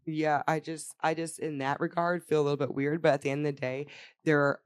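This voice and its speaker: A woman's voice: low-pitched, flat delivery, a little fast, clean tone, dry recording, clean studio sound. A young woman co-hosting a podcast, chatting casually with strong opinions, frequent swearing and laughter. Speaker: podcast co-host. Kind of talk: casual chat.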